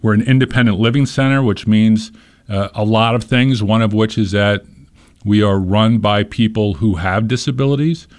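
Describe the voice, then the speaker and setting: A man with a fairly low voice talks in an easy, conversational way. He explains earnestly and leans on examples and little stories to make his points. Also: normal speed. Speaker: nonprofit leader being interviewed. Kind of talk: conversational interview.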